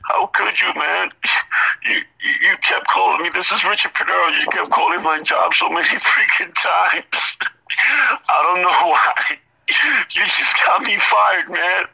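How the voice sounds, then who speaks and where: A man's voice: high voice, measured pace, creaky, bright, forceful tone, husky, voice pushed up, full character voice, poor audio. A man putting on a whiny, indignant voice of someone fired, pretending to cry. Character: angry fired man, fake crying.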